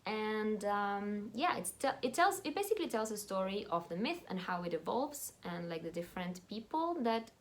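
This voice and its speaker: A woman's voice: medium pitch, very animated, moderate pace, few pauses. A woman chatting enthusiastically as a book vlogger, reviewing her recent reads with fillers and asides. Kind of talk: casual book review chat.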